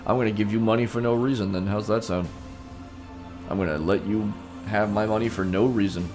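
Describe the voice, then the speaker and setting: A man's voice: on the low side, steady tone, brisk, music in the background. A man in a playful, theatrical live-stream chat, talking straight to his viewers in the role of a king. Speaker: streamer playing a king persona.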